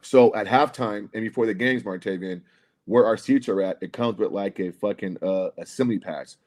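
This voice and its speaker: Man, lowish voice, casual storytelling, profane, rambling, keeps saying bro. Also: normal speed, darkish tone. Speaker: podcast co-host telling a story.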